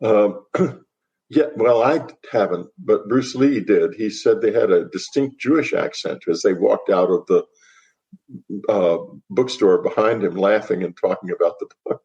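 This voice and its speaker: An older man speaking as a guest author in a podcast interview, wry and reflective, often pausing and restarting. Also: on the low side, darkish tone, dull audio.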